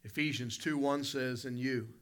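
A man's voice: mid-range voice, fairly even intonation, moderate pace, fairly bright tone. A man preaching an evening sermon as pastor, telling a folksy, vivid personal story to his church congregation. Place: church sanctuary.

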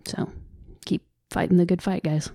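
She whispers in a fairly low, level voice with vocal fry at a normal pace, a Southern-accented podcast co-host from the American South. The casual chat is earnest, loose and unscripted, punctuated by soft laughs, recorded dry and studio quality on a studio mic.

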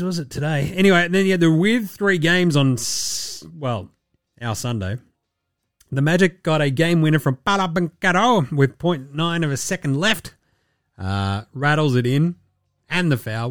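A man's voice: fairly high pitch, no echo, clean studio sound. A man hosting a podcast, running through sports results in a loose, joking, sweary casual chat. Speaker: podcast host.

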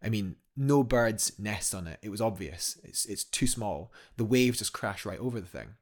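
A man's voice: fairly low pitch, lively intonation, moderate pace. A man, a guest telling a climbing story in a casual podcast chat, enthusiastic and rambling with many restarts.

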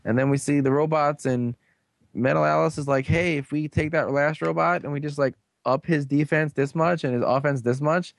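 A man's voice: a little high, steady tone, normal speed, creaky, no room sound. A young man co-hosting a casual recap podcast, rambling and crude with a sarcastic edge. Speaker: podcast co-host.

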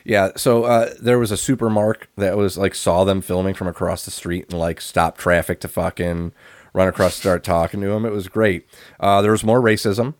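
A low-pitched man talks through old wrestling matches in a dry, deadpan play-by-play, cursing casually. The sound is close and dry, with no room around it. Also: normal speed, no room sound. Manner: deadpan play-by-play recapping, swears freely. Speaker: podcast co-host recapping wrestling. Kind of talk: casual chat.

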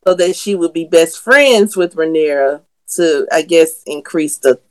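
A woman in a casual chat about a TV show, calmly explaining how it differs from the books. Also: low voice, unhurried. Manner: calm, explains background details from the books.

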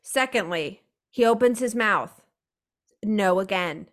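A woman's voice: medium pitch, takes it slowly, fairly bright tone. A woman guesting on a podcast, talking bluntly and sarcastically with plenty of swearing. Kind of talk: casual podcast chat.

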